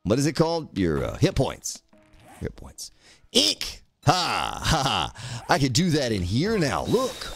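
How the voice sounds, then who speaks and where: Lively rambling male game streamer. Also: medium pitch, unhurried, creaky, soft background music. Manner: rambling, joking, greets chat viewers by name. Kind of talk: casual live-stream chat while playing.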